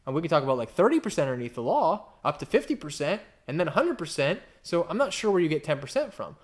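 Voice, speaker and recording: A pastor preaching in a casual, conversational way, with wry asides and lively acted-out quotes. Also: male voice, quick pace. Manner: animated, acts out quotes with big pitch jumps. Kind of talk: conversational sermon.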